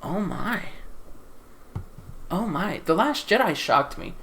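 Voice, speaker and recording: A woman sits at home with a desktop USB microphone and rants through a casual film review. Her low-set voice swings widely in pitch as she repeats herself in disbelief, swearing freely. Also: very animated, slow, vocal fry, a bit bright, slight background noise. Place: sitting in a chair at home.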